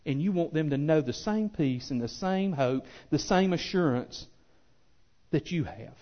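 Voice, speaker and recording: A pastor preaching a sermon with impassioned swells that drop to soft, earnest appeals. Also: male voice, fairly high pitch, expressive, a little slow, lo-fi sound. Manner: impassioned preaching, rising loud then softening.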